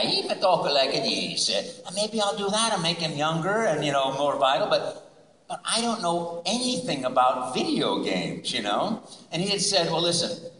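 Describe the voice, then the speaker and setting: A man tells a story at a convention panel, animated and laughing, acting out voices and sounds. His voice is bright and jumps all over. It echoes around a large hall, heard from well back from the mic. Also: a little high, distant mic. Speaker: guest speaker.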